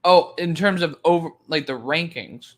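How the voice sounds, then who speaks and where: Excitable young man, higher voice. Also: moderate pace. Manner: excitable, laughs often, swears casually. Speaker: co-host. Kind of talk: casual podcast chat.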